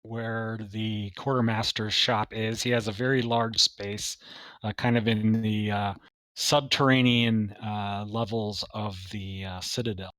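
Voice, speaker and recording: A man narrating as game master in a tabletop game, with a slow pace and many "uh" fillers. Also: fairly low pitch, flat delivery, fairly bright tone, no echo.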